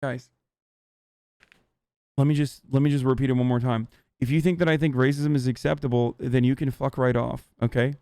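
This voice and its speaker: A man streaming live, ranting heatedly at his chat with lots of swearing and halting restarts. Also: medium pitch, fairly even intonation, dark tone, no echo, studio quality. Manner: profane, agitated, halting restarts.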